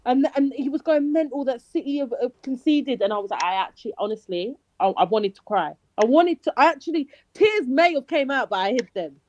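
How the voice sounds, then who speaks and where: A woman with a London accent chatting on a remote call about football, animated and swearing, tripping over her words. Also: high voice, brisk, hardly any pauses, muffled recording. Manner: animated, swearing, self-interrupting. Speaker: panel guest. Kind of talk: casual football chat.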